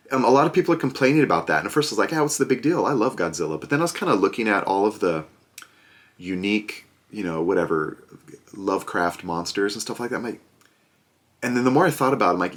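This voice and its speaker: Low-voiced man rambling sarcastically. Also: a bit bright. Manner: rambling, sarcastic, many fillers and restarts. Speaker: board game video host. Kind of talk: casual product review chat.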